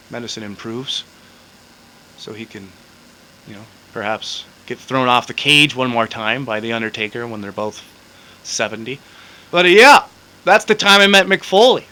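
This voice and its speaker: A man tells a story straight to his camera in a loose, rambling way, swearing and drifting into side remarks. His voice is bright and a little tense, sitting at an ordinary middle pitch. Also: a little hiss or hum, low-quality recording. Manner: rambling, swears freely, trails off into asides. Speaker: vlogger telling a story.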